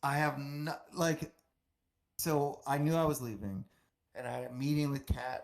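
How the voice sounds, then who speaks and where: A man talking as a guest on a casual live stream, in a somewhat high voice. He rambles and grows emotional, and he swears heavily. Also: normal speed, long pauses.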